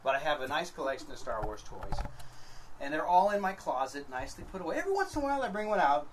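Animated New York man telling a story. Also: fairly high pitch, fast talker, far from the mic, a little hiss or hum, rough recording. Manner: animated storyteller, acts out quotes. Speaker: guest. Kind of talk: casual chat. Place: outdoor flea market.

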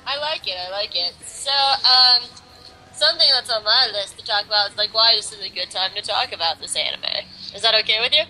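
A young woman co-hosts a loose conversation, rambling along with plenty of fillers and easy giggles. Her voice is very bright and edged, sitting a little high. The talk stays casual and chatty throughout. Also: fairly quick, slight background noise, poor audio. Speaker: podcast co-host. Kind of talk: casual chat.

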